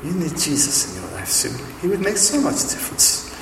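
A man putting on a gentle elderly German widow. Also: huge pitch swings, drawn-out words, creaky, far from the mic, noisy background, heavily acted. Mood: kindly. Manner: high gentle voice, attempted German accent. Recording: echoey hall, voice from off-mic.

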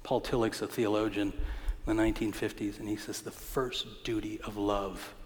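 A man's voice: lowish voice, little pitch movement, moderate pace. A male pastor preaching a storytelling sermon in a church, with humor, a conversational tone and punchy emphasis. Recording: hall reverb.

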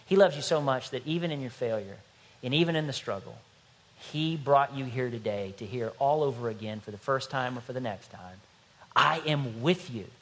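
Animated man preaching a sermon. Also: mid-range voice. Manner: animated, playful, acts out little scenes. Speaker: pastor.

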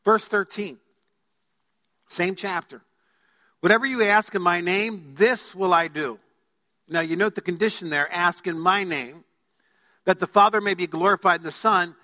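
A man's voice: high-pitched, moderate pace, pauses often, pushed and bright. A man preaching a sermon as pastor, emphatic, putting questions to his congregation. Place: church sanctuary. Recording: long hall reverb.

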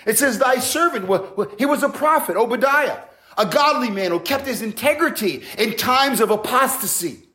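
A man's voice: very high voice, expressive, normal speed, sharp tone, reverberant. A man preaching an earnest, emphatic sermon, his voice climbing as he builds a point.

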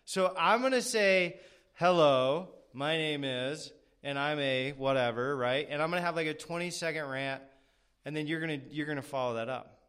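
A man's voice: on the high side, a little fast, sharp tone, smooth. A man hosting a podcast interview, rambling casually with lots of fillers and self-deprecating asides. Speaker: podcast host.

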